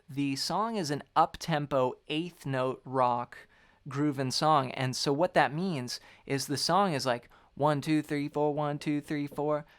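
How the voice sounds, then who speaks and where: A man's voice: on the high side, fairly bright tone. A man teaching a guitar lesson, upbeat and explaining step by step while counting beats aloud.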